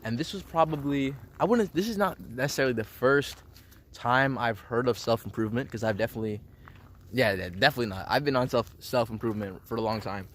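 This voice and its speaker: A man's voice: mid-range voice, brisk, a little hiss or hum. A young man talking in a casual, rambling personal monologue, full of slang and filler words. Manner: slangy, rambling, says bro and dude a lot. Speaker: self-improvement vlogger.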